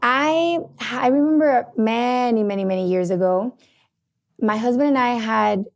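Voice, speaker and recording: Middle-aged lady therapist, passionate, loud, kinda high voice with lots of vocal fry. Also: measured pace. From Puerto Rico. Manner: passionate and loud, with many restarts. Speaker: couples therapist and podcast host. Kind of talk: casual podcast teaching.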